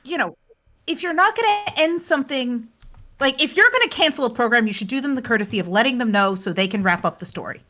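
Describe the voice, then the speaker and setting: Podcast lady w a bright slightly high voice, chimes in quick, pretty opinionated. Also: animated. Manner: brisk, opinionated, short agreeing replies. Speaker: podcast co-host. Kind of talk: casual chat.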